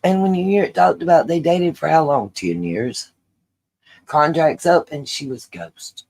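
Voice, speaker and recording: A woman with a low, darkish voice speaks a little slowly as she hosts her own channel. She delivers opinion commentary straight to her viewers, emphatic and repeating her points for weight.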